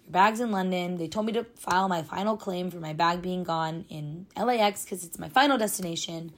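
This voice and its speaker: A woman's voice: fairly low pitch, brisk. Chatty young woman telling a dramatic story. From United States. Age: 20s. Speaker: podcast host. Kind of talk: casual storytime monologue.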